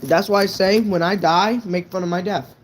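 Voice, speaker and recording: A man's voice: sits high, steady tone, normal speed, slight background noise. A young man casually telling a true story on a live stream, rambling and swearing, with lots of "right?" fillers.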